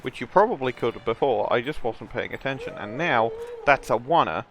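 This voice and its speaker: A man's voice: mid-range voice, animated, a little fast, slight background noise. A man chatting casually while playing a tabletop sports game with friends, talking through his own moves in a playful way.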